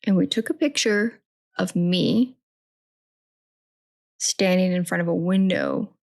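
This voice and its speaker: A woman's voice: lowish voice, takes it slowly, vocal fry, a little mellow. A woman co-hosting a podcast, talking in an emphatic, playful way and arguing her side in casual chat. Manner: emphatic and playful, argues back. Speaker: podcast co-host.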